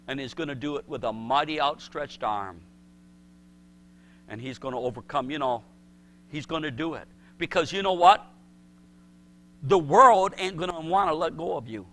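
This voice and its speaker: A man's voice: fairly high pitch, normal speed, bright, forceful tone. A male pastor preaching a sermon, emphatic and repetitive, acting out the voices he quotes.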